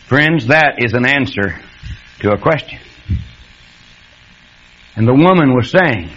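A man preaching a sermon, animated and acting out quoted voices. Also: moderate pace, pauses often, dull audio. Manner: animated, acts out quoted voices with sudden high pitch.

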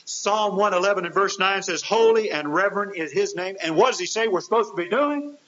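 Expressive and fairly quick, a man with a high-sitting, pushed and bright voice preaches earnestly. Rhetorical questions and rising, falling emphasis mark his sermon, recorded in dull, hissy lo-fi.

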